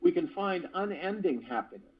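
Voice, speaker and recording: Man, spiritual call host, husky voice, earnest reading with playful asides, dull lo-fi phone line. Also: high-pitched, lively intonation, moderate pace. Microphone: phone conference call.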